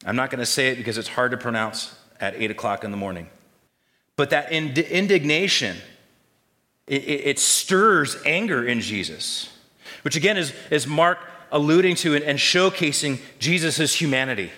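Bright-voiced preacher in a reverberant church. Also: male voice, mid-range voice, expressive, moderate pace. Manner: call-and-response questions to the congregation. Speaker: pastor. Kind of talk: sermon. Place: church sanctuary.

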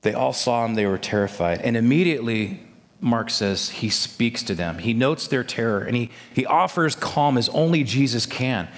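A man preaching a sermon, telling the story in a lively way and acting out the voices of the people in it. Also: mid-range voice, normal speed, long reverb tail. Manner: animated storytelling, acts out voices of disciples.

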